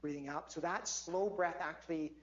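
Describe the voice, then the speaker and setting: A man lecturing a class and guiding them through stress-relief exercises in an energetic, coaching manner. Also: on the high side, normal speed. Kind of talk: interactive stress-relief lesson. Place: lecture hall. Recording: dull lo-fi audio with faint hum.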